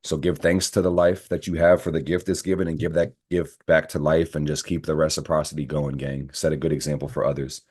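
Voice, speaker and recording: A young man giving a fired-up, profane tarot reading to his viewers, swinging from low, intimate talk into loud ranting outbursts. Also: flat delivery, brisk, hardly any pauses, husky. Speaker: astrology and tarot reader. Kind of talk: tarot reading monologue to camera.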